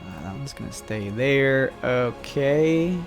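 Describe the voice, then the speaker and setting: A man runs a tabletop game from behind the screen, describing scenes and rules in a casual, meandering flow full of little fillers. His voice sits at an ordinary middle pitch. Soft music plays quietly under him. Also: slow pace. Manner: relaxed, rambling with many fillers. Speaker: game master.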